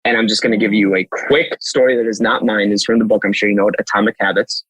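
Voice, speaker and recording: Husky guy coach on a podcast, fired up, acts out convos, swears a bit, dry close mic. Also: lowish voice, quick pace, no echo, rough recording. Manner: energetic, storytelling, acts out dialogue, swears casually. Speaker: fitness coach. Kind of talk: animated podcast conversation.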